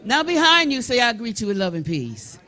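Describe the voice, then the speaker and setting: An older woman leading a congregation in a call-and-response song, lively and chatty, coaxing everyone to join in. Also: on the high side, fairly quick, some chatter behind. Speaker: song leader. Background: band music.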